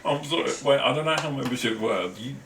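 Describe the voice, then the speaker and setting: A man's voice: mid-range voice, animated, quick pace, background noise. A man co-hosting a casual chat, joking and teasing his co-host. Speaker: podcast co-host.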